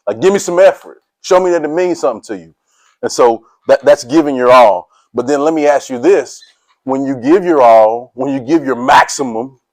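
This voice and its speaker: Middle-aged male motivational speaker, casual and energetic, quizzes the team, mid-pitched voice, no room echo. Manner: energetic, casual slang, quizzes listeners, laughs often. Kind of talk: motivational talk to a sports team.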